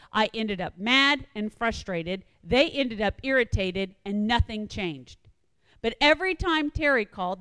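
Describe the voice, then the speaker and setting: With a clear, resonant, mid-range voice and big-room sound but no echo, a woman shares a personal story as a devotional, sermon-like talk. She brings quoted asides to life and keeps repeating her points to stress them.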